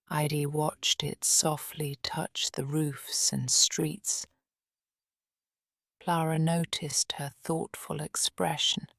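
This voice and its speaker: A woman narrating a storybook audiobook slowly and softly, often in a near whisper. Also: low voice, no room sound, studio quality. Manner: slow, soft, often whispered.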